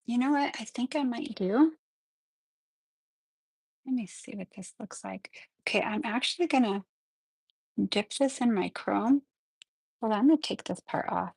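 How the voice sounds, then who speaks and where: Excitable woman with vocal fry. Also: fairly high pitch, unhurried, pauses often, no echo. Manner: chatty, excitable, often apologizing. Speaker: nail artist hosting a live tutorial. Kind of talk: casual live-stream tutorial.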